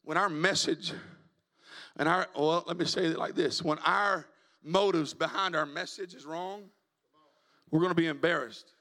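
A male evangelist, preaching a sermon in a church, moving from quiet talk to shouted preaching. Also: fairly high pitch, moderate pace. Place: church sanctuary.

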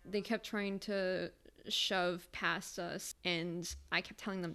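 A woman's voice: fairly low pitch, little pitch movement, takes it slowly, fairly bright tone. A young woman in her twenties, co-hosting a podcast and telling a story in casual, profane chat. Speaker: podcast co-host.

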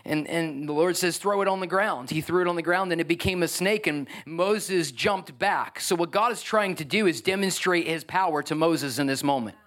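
A man preaching a lively sermon as pastor, acting out the voices of biblical figures. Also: on the high side, normal speed, few pauses.

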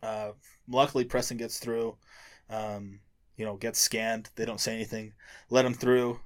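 A man hosts a casual podcast and recalls a shared trip in a low, fairly flat voice. He speaks in a relaxed way and fills in the details as he goes. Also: a little slow. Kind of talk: casual chat.

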